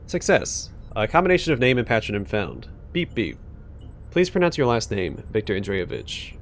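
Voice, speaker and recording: A man's voice: on the low side, big pitch swings, normal speed, a little hiss or hum. A man voicing an officious Soviet bunker computer that speaks stiffly and adds beeps and boops to its lines.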